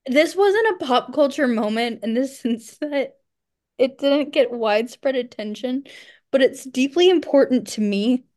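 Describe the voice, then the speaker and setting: A woman's voice: sits high, animated, unhurried, darkish tone. A woman co-hosting a podcast, telling rambling, self-deprecating stories in casual chat and laughing often. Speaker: podcast co-host.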